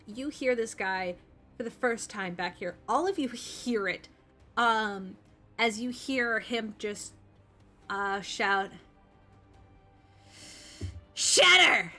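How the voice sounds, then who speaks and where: A woman's voice: fairly high pitch, takes it slowly, fairly bright tone, soft background music. Chatty young woman running a tabletop game. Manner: chatty, lots of um and like. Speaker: game master.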